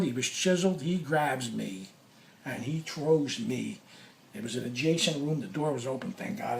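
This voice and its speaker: A man telling a personal story in a casual, animated way, swearing often and acting out what he said. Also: on the high side, gravelly. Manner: animated, profane, reenacts his own quotes. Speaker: former sports radio caller.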